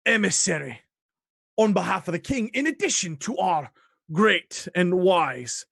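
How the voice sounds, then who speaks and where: A man voicing a pompous male royal advisor who makes a grand, drawn-out proclamation in a tabletop game. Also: sits high, very animated, gravelly, a bit bright, dry recording, clean studio sound, full character voice. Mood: grandiose.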